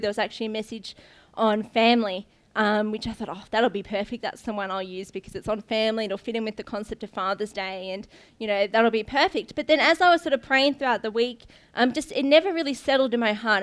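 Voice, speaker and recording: A young woman giving an informal sermon to her church, telling stories in a chatty way with lots of ums and restarts. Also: on the high side. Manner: chatty, laughs often, many ums and restarts. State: briefly tearful. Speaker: guest preacher, pastor's daughter.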